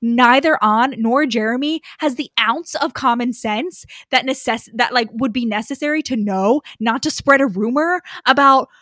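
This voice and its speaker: A woman riffs on a book with a co-host, animated and mock-outraged, swearing freely. Her voice sits a bit high. The sound is dry and close to the mic. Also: moderate pace, few pauses, no echo. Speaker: podcast co-host. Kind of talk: casual book recap chat.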